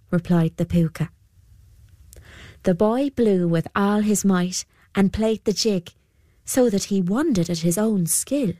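A woman narrating an old folk tale in a measured storybook manner. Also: mid-range voice, dark tone, dry recording.

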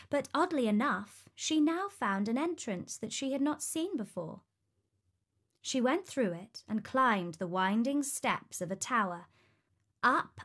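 Female storybook narrator: higher voice, slow, expressive delivery. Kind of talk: storybook reading.

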